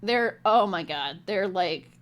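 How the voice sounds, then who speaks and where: A woman's voice: mid-range voice, expressive, slow pace. A woman reading tarot cards in a vlog, talking bluntly and indignantly with heavy profanity. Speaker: tarot reader.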